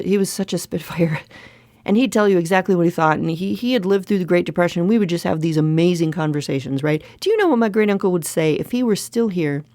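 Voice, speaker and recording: A middle-aged woman talks alone on her podcast, frank and emphatic, repeating her points for weight. Her voice sits a little low and sounds mellow and relaxed. The sound is dry and close, with no room behind it. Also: no room sound. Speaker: podcast host. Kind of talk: solo podcast monologue.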